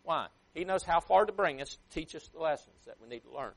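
A man preaching a sermon with emphatic swings in loudness and pace, sometimes acting out a parent scolding a child. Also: on the high side, lively intonation, a little fast, creaky. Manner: emphatic, rising and dropping sharply for effect.

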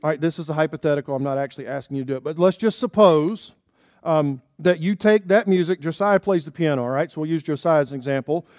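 A man's voice: fairly high pitch, fast talker, darkish tone, dry recording, clean studio sound. A man preaching a sermon in church, talking conversationally and checking in with "okay?" and "right?". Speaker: pastor.

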